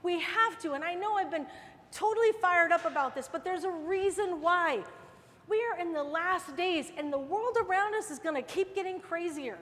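Middle-aged woman preacher, very high voice, fervent and repetitive, long reverb. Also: moderate pace, fairly bright tone. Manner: fervent, repeats phrases with rising force. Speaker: women's Bible teacher. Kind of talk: sermon.

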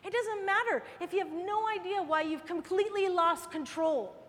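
Fervent high-voiced woman preaching. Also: moderate pace, a bit bright, long reverb tail. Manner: fervent, repeats phrases with rising force. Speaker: women's Bible teacher. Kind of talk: sermon.

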